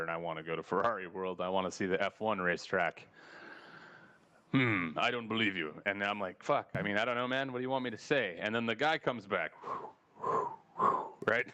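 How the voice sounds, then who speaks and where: A man hosting a podcast, telling a long, profane story in a casual way and laughing between lines. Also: lowish voice. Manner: animated, profane anecdote with laughter. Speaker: podcast host.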